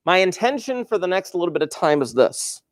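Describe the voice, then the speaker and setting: Middle-aged male teacher, rambling and upbeat, somewhat high-pitched, lecturing a class. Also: big pitch swings, a little fast. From New Jersey. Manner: chatty, enthusiastic, wandering asides. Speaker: high school math teacher.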